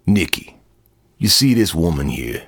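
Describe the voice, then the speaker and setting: Man playing a pool hustler, Italian, mocking, very deep voice, drawn-out taunts. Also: sing-song, a bit bright, no echo, clean studio sound, full character voice. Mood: taunting. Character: tough male Italian pool shark, mocking.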